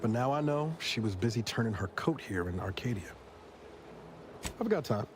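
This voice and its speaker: A man's voice: mid-range voice, lively intonation, normal speed, a little hiss or hum, natural voice. A man playing a weary male space agent, speaking in a dry, wry, reflective way in game dialogue. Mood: wistful. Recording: game audio with music behind.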